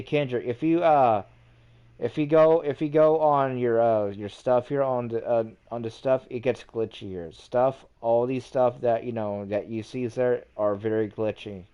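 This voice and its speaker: A man's voice: medium pitch, clear, resonant tone, lo-fi sound. A man hosting a livestream, ranting casually in a rambling, repetitive way and swearing often. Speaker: livestream host.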